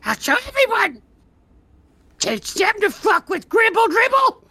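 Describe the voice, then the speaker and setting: A man doing a shrill tiny vengeful alchemist. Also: very animated, a little slow, full character voice. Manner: shrill, shouting. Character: tiny foul-mouthed male alchemist, thirteen inches tall, vengeful.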